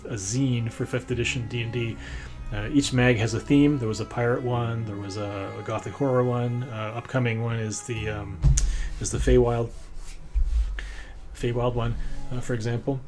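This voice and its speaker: A man's voice: mid-range voice, steady tone, normal speed, darkish tone, faint music behind. A man running a tabletop game as game master, rambling and stopping often to find his words. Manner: rambling, many fillers and restarts.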